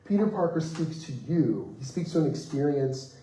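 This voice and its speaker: A man, a comics writer on a festival panel, telling anecdotes in a lively way, acting out the people he quotes and laughing as he goes. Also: fairly high pitch, moderate pace, distant mic. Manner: animated, acts out quoted voices, laughs mid-story. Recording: roomy echo, voice off-mic.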